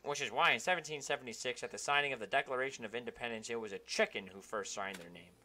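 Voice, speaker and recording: A young man streaming a video game, reading its text aloud in an animated, jokey way. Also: medium pitch, fast, a little hiss or hum.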